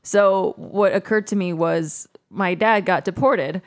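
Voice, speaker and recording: A woman in her thirties co-hosting a casual chat, telling an animated story with frequent laughter. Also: lowish voice, measured pace.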